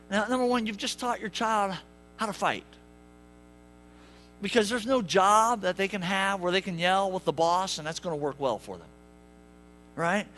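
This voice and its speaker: Male preacher, high bright voice, lively comic sermon delivery. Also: slight background noise. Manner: animated, jokey, acts out voices. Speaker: pastor. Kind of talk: sermon with humorous storytelling. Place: church sanctuary.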